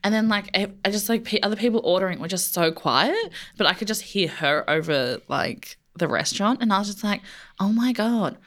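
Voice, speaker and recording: A woman's voice: mid-range voice, animated, a little fast, fairly bright tone. A young woman, talking casually as a podcast guest, with many fillers and frequent laughs. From Australia. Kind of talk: casual chat.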